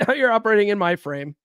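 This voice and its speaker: A man's voice: high voice, a bit bright, no echo, studio quality. Blunt, profane man talking to listeners. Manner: blunt and profane, keeps asking "right?"; rhetorical, challenges listeners directly. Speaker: podcast host. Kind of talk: casual solo talk on dating and self-improvement.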